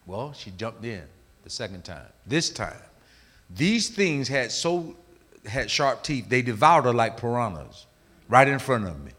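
A man preaching a sermon, telling a story dramatically and swinging between hushed and loud delivery. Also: mid-range voice, animated, normal speed.

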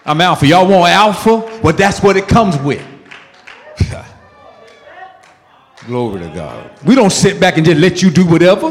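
Casting: male pastor, high tenor, emphatic call-and-response sermon, long church-hall echo. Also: sing-song, unhurried, pauses often. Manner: emphatic, call-and-response preaching with sudden loud peaks.

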